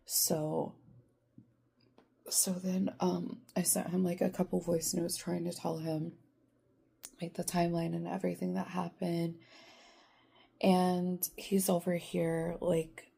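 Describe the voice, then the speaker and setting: A woman's voice: lowish voice, little pitch movement, measured pace, vocal fry, long pauses, mellow, slightly rough. A young woman vlogging from her bedroom, ranting in an exasperated way, swearing a lot and filling her talk with "like". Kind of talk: casual ranting vlog.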